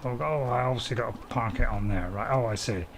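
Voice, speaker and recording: Gravelly man streaming a game. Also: mid-range voice, fairly quick, noisy background. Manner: rambling, self-mocking, chatty with chat. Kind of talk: casual live-stream commentary.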